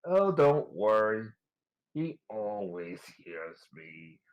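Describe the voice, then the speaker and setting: A man's voice: fairly low pitch, very animated, extremely slow, muffled recording, a crowd in the background, heavily acted. A man playing a haughty warrior queen. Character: proud fierce warrior queen, a woman.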